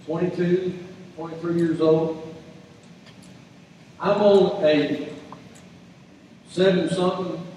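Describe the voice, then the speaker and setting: A middle-aged man preaches a sermon in a folksy storytelling manner, his fairly high voice dropping to quiet asides and rising to shouts. He is heard from a distance in a large hall with a long, booming echo. A faint hum of the room sits underneath. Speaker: pastor. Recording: roomy echoey hall, mic far off.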